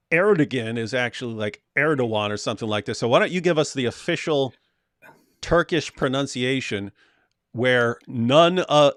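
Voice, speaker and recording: Male co-host, mid-pitched, wry and playful, reading and riffing on articles, dry mic. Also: fairly bright tone, no echo. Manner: joking, reads articles aloud and riffs on them. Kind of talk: casual commentary, reading news aloud.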